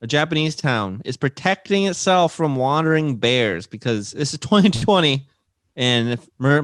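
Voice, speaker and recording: A man's voice: medium pitch, no echo. Male co-host, giggly news segment, dry close sound, casual banter. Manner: giggly, laughs through his own lines. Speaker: podcast co-host reading news stories.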